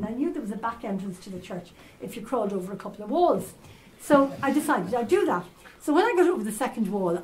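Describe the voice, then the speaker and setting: An older Irish woman spins lively anecdotes from her years as a journalist, full of asides and little fillers. Her voice sits at an ordinary middle pitch. Faint noise hums under the talk. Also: poor audio. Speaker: journalist speaker. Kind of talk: storytelling talk to a live audience. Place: conference hall at a castle hotel.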